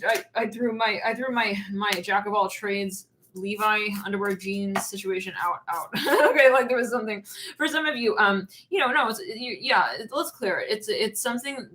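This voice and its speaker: A woman reading tarot in a loose, chatty way, stringing thoughts together with "like" and "you know" and breaking into giggles. Her pitch sits mid-range for a woman. A faint hiss runs under the recording. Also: a bit bright. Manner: chatty, giggly, rambling with many fillers. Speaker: tarot reader. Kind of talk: casual channeled tarot reading.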